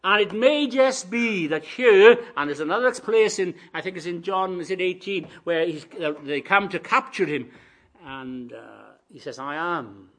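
A preacher, a man, delivering a sermon, shifting between quiet reflective musing and loud rising proclamation. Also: high-pitched, animated, normal speed.

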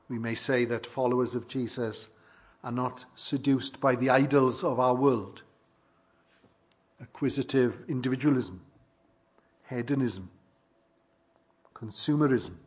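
A man preaching a sermon, measured and emphatic, with rhetorical questions to his listeners. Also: medium pitch, husky.

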